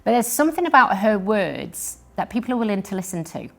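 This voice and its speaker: A woman's voice: medium pitch, big pitch swings, a little fast, gravelly. A woman giving an earnest, encouraging devotional Bible teaching, reading scripture aloud and explaining it.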